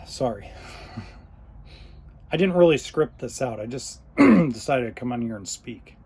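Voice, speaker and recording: A man hosting his own podcast, talking unscripted, choked up and pausing often. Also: medium pitch, expressive, a little mellow, husky. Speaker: podcast host. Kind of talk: unscripted solo podcast talk.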